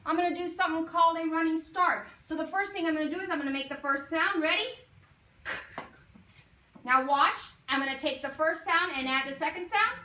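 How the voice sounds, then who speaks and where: A woman teaching a phonics lesson to young children, sounding out words slowly and asking coaxing questions. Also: very high-pitched, bright, forceful tone. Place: classroom. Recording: roomy classroom from far off, faint noise.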